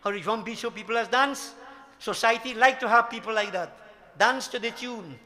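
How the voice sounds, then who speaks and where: A man's voice: very high-pitched, moderate pace, sharp tone. An older man gives a devotional sermon, emphatic and full of rhetorical questions to his devotees. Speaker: Hindu spiritual teacher.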